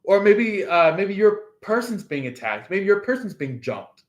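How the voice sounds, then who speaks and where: Slow, rambling man reading tarot. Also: high voice, big pitch swings. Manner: rambling, many fillers, acts out quotes. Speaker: tarot reader. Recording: echoey room.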